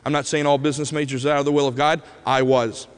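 A man preaching a sermon as an animated storyteller who swings from loud bursts to hushed moments, in a church sanctuary. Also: fairly high pitch, fast, clean tone, in a large hall.

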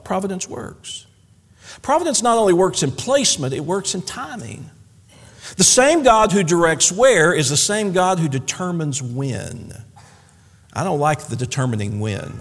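Animated preacher in a reverberant hall. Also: male voice, a little high. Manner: folksy, animated preaching with playful asides. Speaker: pastor. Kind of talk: sermon. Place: church sanctuary.

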